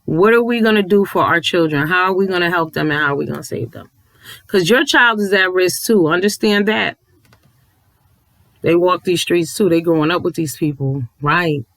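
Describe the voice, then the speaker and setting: A man's voice: high voice, moderate pace, fairly bright tone, no room sound, poor audio. A man ranting to viewers from home late at night, emphatic and preachy, cursing and repeating himself for effect. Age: adult with a child. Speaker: commentary vlogger.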